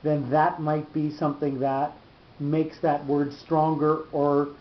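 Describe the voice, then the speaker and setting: A man teaching a study session who explains slowly, with fillers and restarts. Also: monotone. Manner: halting, many restarts and fillers, slows to spell out terms. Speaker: Torah teacher. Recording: dull echoey room with faint rumble.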